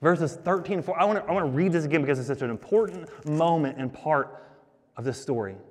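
A man preaching a sermon as the pastor, talking to the congregation in a conversational, animated way. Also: fairly high pitch, fast talker, long reverb tail.

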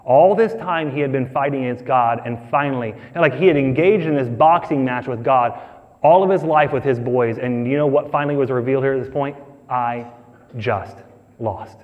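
A man's voice: mid-range voice, brisk. A male pastor preaching a sermon in a conversational, emphatic way, asking his listeners questions. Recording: echoey hall, dull sound.

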